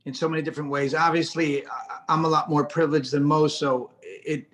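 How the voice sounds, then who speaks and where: A middle-aged man talks over a video call with a voice pitched a little high for a man. He stumbles and restarts constantly, repeating small words before getting going, and slips in dry jokes at his own expense. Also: flat delivery, fairly bright tone. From United States. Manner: halting, many stammered restarts, self-deprecating jokes. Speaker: actor and director, interview guest. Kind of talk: video-call interview, casual conversation.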